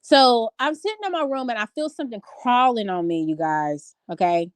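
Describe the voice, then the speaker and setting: Animated woman telling a story at home. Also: on the high side, normal speed, clean tone, no echo, clean studio sound. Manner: animated storytelling with many fillers. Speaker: vlogger. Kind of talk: casual chat to a live audience. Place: home bedroom.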